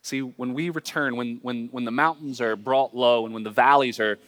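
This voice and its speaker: A man's voice: medium pitch, steady tone, normal speed, a bit bright, long reverb tail. A man preaching a sermon as pastor, earnest and conversational, with frequent restarts.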